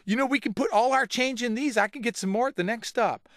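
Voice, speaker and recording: A man's voice: extremely high pitch, fast, fairly bright tone, no room sound, studio quality, pitched above the performer's own voice. A man voicing a proud, cheerful young newlywed woman who talks in a chirpy, boastful way.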